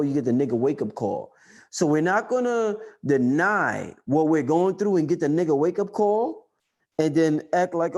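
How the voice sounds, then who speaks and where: Male livestream host, high voice, forceful preaching rant. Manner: loud, emphatic, profane preaching; reads and answers viewer chat.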